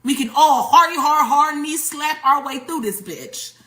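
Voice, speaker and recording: A woman riffs through casual political commentary, mocking and profane. Her voice is high and bright. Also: measured pace.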